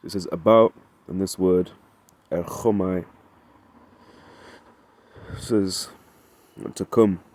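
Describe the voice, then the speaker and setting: A deep, slightly mellow male voice with fairly even intonation comes through at a slow pace with long pauses. He is a Bible teacher leading a casual study, often checking "right?" and reading scripture aloud in antique wording.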